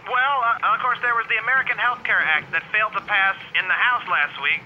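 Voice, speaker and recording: A man's voice: sits high, fairly quick, muffled recording, slight background noise. A man playing a hesitant, stammering field reporter in a comedy sketch.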